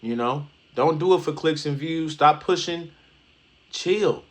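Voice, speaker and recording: A man's voice: on the high side, measured pace. A man hosting a reaction video, talking casually in street slang with emphatic stops and restarts.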